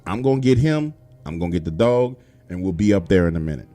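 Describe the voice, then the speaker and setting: A loyal, tough man, as put on by a storyteller is talking fast in street slang with a pushing urgency. He sounds ready to go at a moment's notice. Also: low voice, very animated, warm tone, pitched below the performer's own voice. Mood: urgent. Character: loyal tough man rushing to help a friend.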